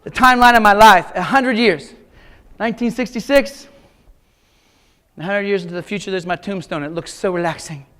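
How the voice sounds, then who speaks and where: A man's voice: sits high, moderate pace, long pauses, pushed and bright. A man in his fifties, a teacher, giving a humorous keynote speech with wry, self-mocking stories and punchy short lines. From Kansas. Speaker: keynote speaker, art teacher.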